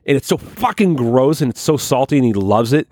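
Animated, profane man telling a story. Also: mid-range voice, a little fast, no echo, clean studio sound. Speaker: podcast co-host. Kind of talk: crude comedic storytelling.

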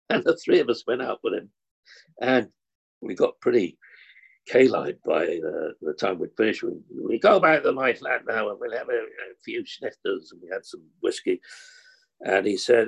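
An older man from Kilburn in London, telling theatre anecdotes as an interview guest. His voice is gravelly and husky. He tells the stories with animation and acts out the people in them. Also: fairly low pitch, animated, unhurried, pauses often. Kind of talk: anecdotal storytelling.

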